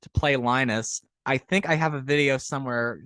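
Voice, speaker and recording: A man hosts a podcast conversation. His voice is mid-pitched and sounds dry, with no room around it. He talks loosely and cracks small jokes between his questions. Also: normal speed, smooth, no room sound. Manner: relaxed, jokey, uses "you know". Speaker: podcast host. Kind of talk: casual interview chat.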